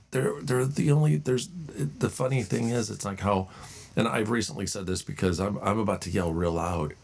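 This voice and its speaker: A man's voice: deep voice, vocal fry. A middle-aged man hosting his own show, talking in a blunt, rambling monologue that trails off and restarts mid-sentence. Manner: rambling and blunt, with mocking put-on voices. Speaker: host. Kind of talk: casual monologue.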